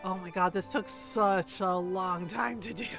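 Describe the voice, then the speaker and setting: A woman's voice: on the low side, a little slow, gravelly, over music. A woman streaming a farming game, chatting casually and sarcastically, full of "like" and "right?".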